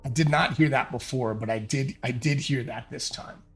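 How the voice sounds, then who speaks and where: A man's voice: mid-range voice, moderate pace, natural voice. A man voicing a bold, adventurous male companion with a casual, teasing manner.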